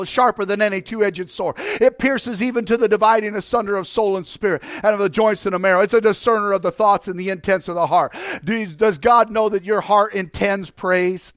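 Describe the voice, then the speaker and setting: A man's voice: sits high, fairly bright tone, no room sound. A man preaching fervently to his church, exhorting the congregation and breaking into song. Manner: preaching with urgent repetition. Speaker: pastor. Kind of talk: sermon. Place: church sanctuary.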